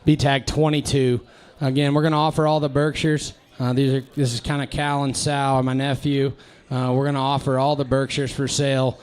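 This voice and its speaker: A man presenting his pigs at a ringside livestock sale in a tent, casual and halting with many fillers and restarts. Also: mid-range voice, flat delivery, a little mellow, smooth.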